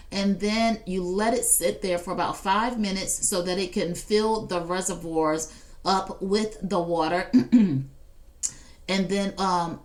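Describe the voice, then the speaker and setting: A woman hosting a casual live shopping stream, chatting to viewers and reading out their comments. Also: medium pitch. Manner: chatty, addresses viewers directly, reads out chat comments. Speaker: live shopping show host.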